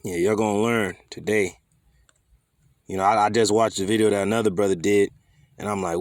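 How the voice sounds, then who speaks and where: A man's voice: fairly low pitch, fairly even intonation, brisk, long pauses, no room sound, studio quality. A man teaching scripture in a fiery, scolding way, swearing freely and firing rhetorical questions. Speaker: preacher.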